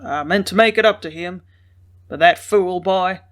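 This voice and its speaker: A woman reading aloud, voicing a gruff, hulking older male ranch boss with a booming manner. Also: normal speed, natural voice.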